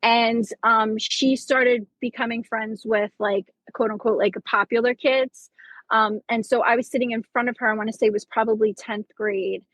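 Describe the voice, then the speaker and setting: A woman's voice: on the high side, fairly even intonation, moderate pace, a bit bright, no room sound, rough recording. A teacher in her forties sharing a personal story on a podcast, talking in rambling bursts with many restarts and fillers. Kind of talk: casual chat.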